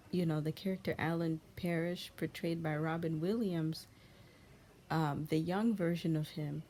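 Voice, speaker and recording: A young adult woman hosting a channel offers a heartfelt monologue of encouragement in a lowish voice. She sounds soft, gentle and comforting, often half-whispering. Slight background noise can be heard.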